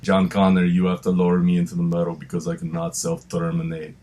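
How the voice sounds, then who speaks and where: A man doing an impression of a stiff, robotic male action hero, with a flat, slow, clipped delivery. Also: low-pitched, crowd noise, pitched below the performer's own voice, natural voice. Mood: deadpan.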